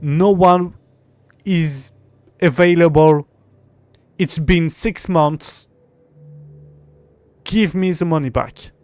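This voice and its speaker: A man's voice: on the high side, very slow, pauses often, a little mellow, dry recording. Frustrated young man streaming. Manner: frustrated, swearing, muttering to himself. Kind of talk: live gameplay stream chat.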